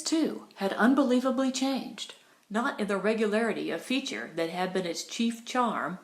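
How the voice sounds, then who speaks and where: Her mid-range voice narrates a scripted audiobook with a measured, expressive touch suited to storytelling. Roomy echo surrounds the recording.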